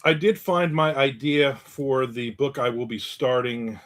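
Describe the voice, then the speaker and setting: A man's voice: mid-range voice, fairly even intonation, unhurried, fairly bright tone. A middle-aged man hosting his own casual live show, chatting, telling everyday stories and joking with viewers. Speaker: host of a live video show. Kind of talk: casual chat reading viewer comments.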